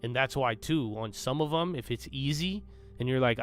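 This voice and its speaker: A man's voice: medium pitch, moderate pace, darkish tone, clear, resonant tone. A young man hosting a live trading stream, bragging and bantering with his chat in a loose, cocky way. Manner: boastful, banters with chat, swears. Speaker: livestream host. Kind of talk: casual livestream chat.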